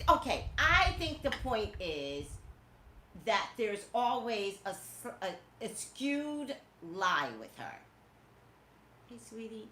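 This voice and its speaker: A woman hosting a casual live-stream talk show, gossiping in an animated way and talking straight to her viewers. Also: medium pitch. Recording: echoey room with faint noise.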